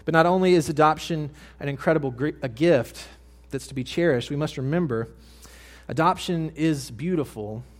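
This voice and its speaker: A young man preaches a sermon with earnest conviction. His voice sits fairly high, and he drops to hushed tones before building to loud, emphatic lines. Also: normal speed. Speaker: pastor.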